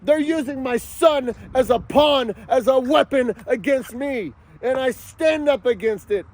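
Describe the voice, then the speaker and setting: A man ranting angrily to camera, yelling and cursing in a furious outburst. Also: extremely high pitch, a little slow. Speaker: father vlogging about a custody battle. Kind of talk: angry outdoor rant to camera.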